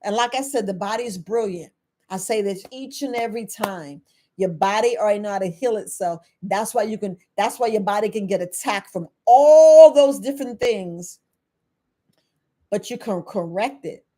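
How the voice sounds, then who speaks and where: A middle-aged woman herbalist, talking casually to her viewers, animated and laughing often. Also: mid-range voice, moderate pace. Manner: animated, laughing, acts out quoted people in a raised voice. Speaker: herbalist host.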